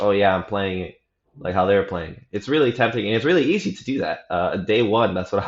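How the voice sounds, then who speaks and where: A young man giving a casual, rambling report on his practice, often correcting himself and dropping slang. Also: sits low. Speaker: practice vlogger. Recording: roomy, slightly dull home recording.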